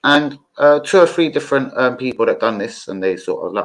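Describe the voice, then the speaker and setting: A man's voice: mid-range voice, expressive, fairly quick, few pauses, poor audio. A young man, chatting casually on a live football stream, rambling and swearing with many fillers.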